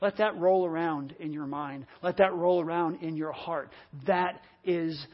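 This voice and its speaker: A preacher in full sermon mode leans on repeated phrases, swinging from loud, driving emphasis down to near-hushed passages. His middling-pitched voice is unhurried with fairly even intonation, on a dull, lo-fi recording whose top end is muffled.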